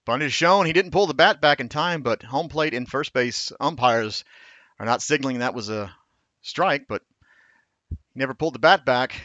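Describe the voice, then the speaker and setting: A man calling baseball play by play in a steady, measured way, now and then correcting himself. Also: medium pitch, dry recording, lo-fi sound. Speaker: play-by-play announcer.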